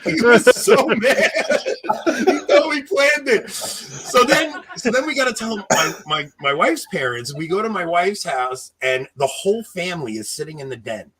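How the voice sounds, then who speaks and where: A man in his thirties telling a long personal story in casual chat, animated and laughing, acting out what people said. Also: sits high, a little slow. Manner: animated, laughing, acts out quotes. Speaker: podcast co-host telling a story.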